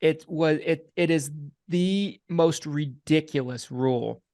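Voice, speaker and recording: A man hosting a casual podcast, talking in a measured way, repeating himself and laying out points one by one. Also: on the high side, darkish tone, no room sound, studio quality. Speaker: podcast host and insurance agent.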